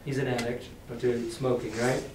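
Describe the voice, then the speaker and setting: A man's voice: mid-range voice, level tone, moderate pace, a little mellow, slight background noise. A male teacher reads a novel aloud to his class and casually explains words, quizzing students. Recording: echoey classroom, distant mic.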